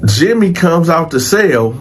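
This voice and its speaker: A man telling a prison story in a casual, animated and profane way, addressing his audience directly. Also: fairly high pitch, measured pace, a little hiss or hum. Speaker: storyteller host.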